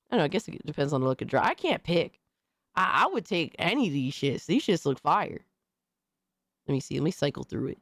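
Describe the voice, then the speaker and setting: A woman hosting a casual livestream, reacting to things in an excitable, slangy, profane way. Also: low voice, no room sound, clean studio sound. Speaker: livestream host.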